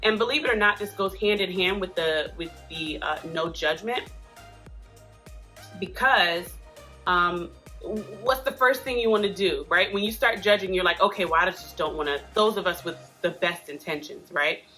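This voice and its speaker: A woman's voice: fairly low pitch, normal speed, pushed and bright, faint music behind. A woman hosting a casual advice talk, speaking in a chatty, earnest way with frequent asides. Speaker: host giving parenting support advice.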